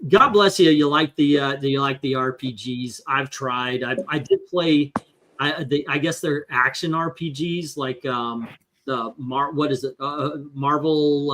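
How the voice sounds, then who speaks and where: Lively, bright-toned man hosting a comics chat. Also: medium pitch, a little hiss or hum. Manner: animated storyteller, voices impressions. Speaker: comic book channel host. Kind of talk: casual panel chat.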